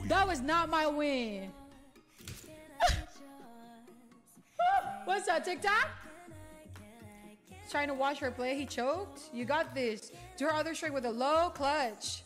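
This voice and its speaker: Casting: a woman as a high-voiced, unhurried but swinging game streamer, foul-mouthed and excitable, with game music behind. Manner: excitable, profane, trash-talking chat. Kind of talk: live gameplay stream commentary.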